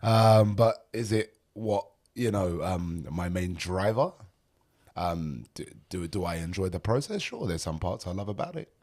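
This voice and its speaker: A man's voice: low voice, lively intonation, a little slow, a little mellow. A man in his thirties from North London with a London accent, a podcast guest speaking emphatically and casually, peppering his talk with street slang. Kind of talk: casual conversation.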